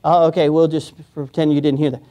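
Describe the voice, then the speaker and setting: High-voiced joking male pastor. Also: little pitch movement, fast, mellow. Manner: casual, joking, chuckles often; acts out quoted voices. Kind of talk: sermon. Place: church.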